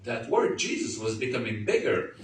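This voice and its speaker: Man giving a halting testimony in a roomy hall. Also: medium pitch, very animated, a crowd in the background. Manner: halting, repeats words, earnest storytelling. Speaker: guest speaker. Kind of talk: testimony to a church audience. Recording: roomy, far from the mic, faint noise.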